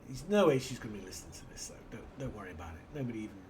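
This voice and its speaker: A man's voice: on the low side, animated, racing, background noise. Rambling British man playing a game. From Britain. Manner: rambling, muttering to himself between anecdotes. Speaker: gaming channel host. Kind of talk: casual let's-play commentary.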